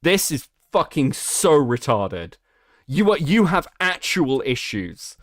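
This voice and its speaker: A British man hosting a live stream, reacting with profane, mocking commentary. His voice swings widely in pitch as he jeers. The sound is dry and close, with no room around it. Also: big pitch swings, slow, no echo. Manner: profane, mocking, loud outbursts. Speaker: streamer host.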